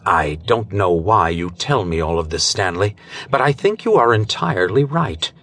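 A man doing a grim, controlled gentleman hero. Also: low-pitched, lively intonation, moderate pace, no room sound, full character voice. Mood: calm. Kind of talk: audiobook character voice.

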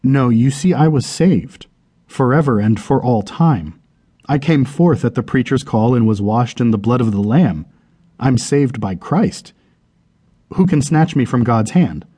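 A man's voice: medium pitch, animated, measured pace, dark tone, breathy edge. A man playing an insistent saved churchgoer. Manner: firm, insistent, pleading. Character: self-assured Christian man insisting he's saved. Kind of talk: audiobook character reading.

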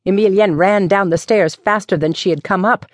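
A woman reads a mystery novel aloud in a measured, even manner. Her voice sits at a middle pitch. The recording is close and dry, as in an audiobook studio. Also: dry recording. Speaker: audiobook narrator. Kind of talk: scripted narration of a mystery novel.

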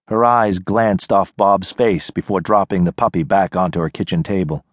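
A man giving measured scripted narration of a short story in an audiobook, on a close studio mic. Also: sits low, steady tone, no echo.

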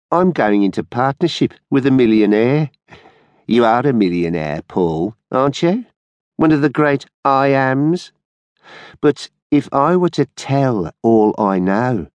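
A man's voice: medium pitch, darkish tone, no room sound, voice pushed up, lightly acted. A man voicing a nervous, sneering small-time ex-convict who sounds breathless as he jeers.

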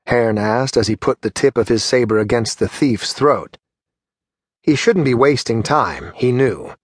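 An audiobook narrator reads a fantasy novel in a scripted, measured, steady delivery. His middle-pitched voice is slightly rough, and the close, dry recording has no room sound or echo.

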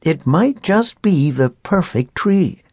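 A good-natured storybook grandfather who gently coaxes and teases, voiced by a man reading aloud. His lines lift and lilt playfully. Close, dry recording. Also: fairly high pitch, lively intonation, takes it slowly, no room sound, pitched above the performer's own voice, heavily acted. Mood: coaxing.

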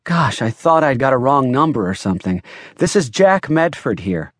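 A man's voice: mid-range voice, very animated, moderate pace, dry recording, studio quality. A man reading a hardboiled mystery in first-person narration, with a wry and playful delivery. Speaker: audiobook narrator. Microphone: studio mic.

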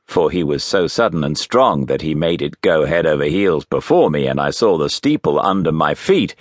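Deep expressive male audiobook narrator. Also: no room sound, studio quality. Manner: expressive, measured storytelling. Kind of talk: scripted narration of a classic novel.

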